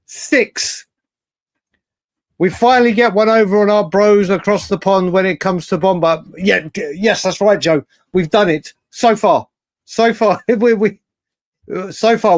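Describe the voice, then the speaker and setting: A man hosting a late-night live fan stream, reading viewer messages and bantering in a rambling, excitable way with lots of slang. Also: high voice, dry recording, clean studio sound. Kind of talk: live stream chat reading super chats.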